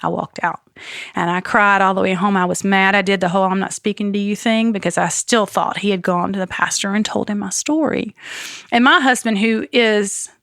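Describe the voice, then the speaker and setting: A woman giving a personal faith testimony as a podcast guest. She tells it as an earnest, animated story with some self-deprecating humor. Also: mid-range voice, brisk, vocal fry, dry recording, studio quality.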